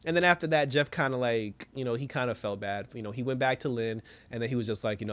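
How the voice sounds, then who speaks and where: A man giving a casual, slangy recap of a TV episode, telling it in an animated way and laughing often. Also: mid-range voice, fast, few pauses. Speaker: TV episode reviewer.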